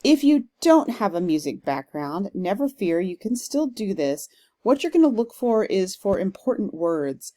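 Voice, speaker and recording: A woman teaching a literature class in a recorded lecture, talking casually and reading verse aloud with a slow stressed rhythm. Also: medium pitch, sing-song, dark tone. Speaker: literature instructor. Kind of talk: recorded lecture on poetic meter.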